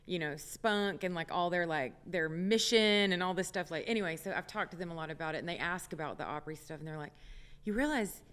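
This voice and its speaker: A woman's voice: on the low side, fast, hardly any pauses, a bit bright, clear, resonant tone, long reverb tail. A woman singer chatting as a radio interview guest, with many fillers and laughs, in a studio. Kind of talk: casual radio interview chat.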